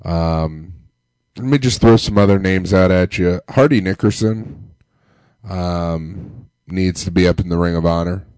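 A man hosting a casual sports fan podcast, talking while sick with a deep, congested voice and a loose, joking manner. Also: measured pace, darkish tone, clean tone, dry recording. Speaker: podcast host. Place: Tampa area.

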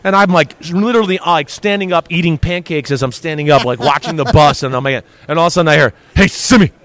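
A middle-aged man, a former football player, telling stories as a guest in a casual interview and acting out quotes with big swings in his voice. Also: fast talker. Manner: animated, acts out quotes with big pitch swings.

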